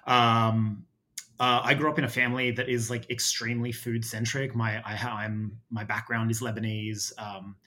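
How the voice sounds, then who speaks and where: An Australian man in his thirties rambles through a casual podcast chat, circling back on his words with ums and restarts. His voice sits at an ordinary middle pitch. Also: flat delivery, normal speed, bright, forceful tone. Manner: rambling, many fillers and restarts. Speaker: podcast guest.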